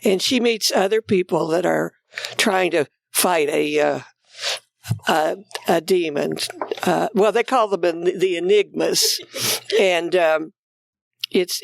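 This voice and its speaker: Low, gravelly woman guest, dry sound. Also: measured pace, no room sound. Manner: thoughtful, hesitant with fillers. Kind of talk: casual book chat.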